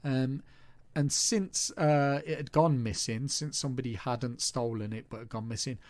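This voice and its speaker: A man's voice: mid-range voice, moderate pace, darkish tone, no echo. Joking middle-aged man, dry sound. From Birmingham, England. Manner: jokey, rambling, swears casually. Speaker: podcast host. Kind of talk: casual chat.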